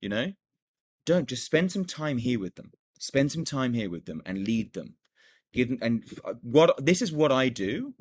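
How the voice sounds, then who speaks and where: A man's voice: medium pitch, very animated, normal speed, darkish tone, husky. A man coaching other coaches on closing sales calls, talking casually and with energy, repeating his points and acting out bits of dialogue. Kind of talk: casual teaching monologue.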